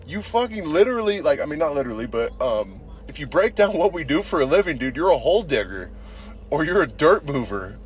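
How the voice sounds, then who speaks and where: Young man, podcast host, casual profane storytelling, rambling, mid-pitched voice. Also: animated, brisk, slight background noise. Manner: rambling, crude, swears a lot, says dude constantly.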